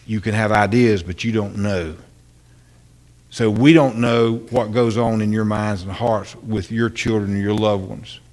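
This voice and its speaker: A man's voice: fairly low pitch, steady tone, measured pace, a little mellow. An older man, a pastor, preaching an earnest, impassioned sermon full of repeated phrases and rhetorical questions.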